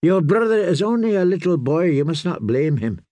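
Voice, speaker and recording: Proud scheming princess, raised soft voice, persuasive, lively pitch, as a male narrator puts her on. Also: moderate pace, dry recording. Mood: soothing.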